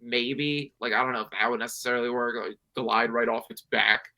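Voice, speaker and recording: Podcast co-host, man, bright and forceful, rambling chat. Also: mid-range voice, brisk. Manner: animated, laughing, lots of "like" and "you know".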